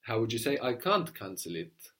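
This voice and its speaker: A man teaching a spoken language lesson, explaining patiently and repeating words slowly for his student. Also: medium pitch, big pitch swings, bright, forceful tone.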